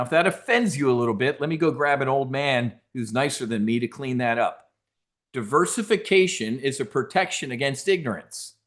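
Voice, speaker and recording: A man giving an energetic trading seminar talk, brash and direct, joking with the audience. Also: mid-range voice. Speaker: conference speaker.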